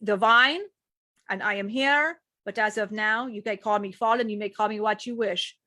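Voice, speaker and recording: A woman speaking as a calm male archangel who talks in a gentle, measured, solemn way. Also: medium pitch, no room sound, studio quality, natural voice.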